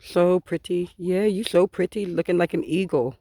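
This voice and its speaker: Chicken keeper, casual outdoor vlog, mellow warm tone, playful banter with the hens. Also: medium pitch, fairly even intonation, a little fast, hardly any pauses, no echo, studio quality. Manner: playful, teasing banter with the birds.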